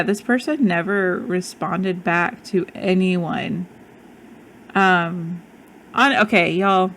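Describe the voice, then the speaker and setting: A woman chats as a podcast co-host, laughing easily. She talks slowly and unhurriedly. A faint hiss sits under the recording. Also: medium pitch. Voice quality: lisp. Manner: chatty, laughs often. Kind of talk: casual chat.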